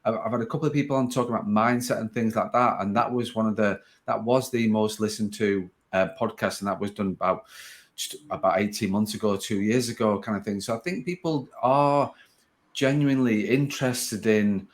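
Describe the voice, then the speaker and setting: A man with a Sheffield accent hosts a relaxed podcast. His voice sits fairly low, and he rambles, restarting sentences as he chats along. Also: a little fast. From Sheffield, England. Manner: rambling, self-interrupting, chatty. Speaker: podcast host.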